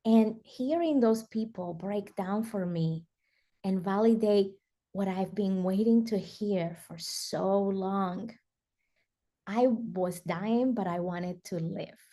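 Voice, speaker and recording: A woman's voice: mid-range voice, warm tone. A woman guest in an interview, telling a personal story earnestly with frequent fillers like "you know" and "like". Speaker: summit guest speaker.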